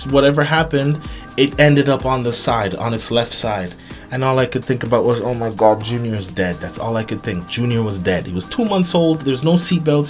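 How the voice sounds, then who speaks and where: A man telling a personal story to his viewers in an earnest, halting way, with many restarts and repeated words. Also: mid-range voice. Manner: earnest, emphatic retelling. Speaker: vlogger.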